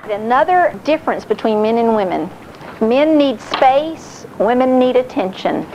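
A middle-aged woman giving a sermon-style talk on marriage, animated and acting out quotes. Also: fairly high pitch, unhurried, dull audio, a little hiss or hum. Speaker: speaker on marriage.

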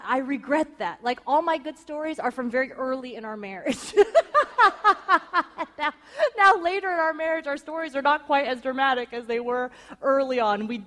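A woman in her thirties or forties, speaking to an audience of wives with lively storytelling and acted-out quotes. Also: sits high. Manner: animated, acts out quoted voices. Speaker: speaker giving marriage advice to wives. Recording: long reverb of a hall.

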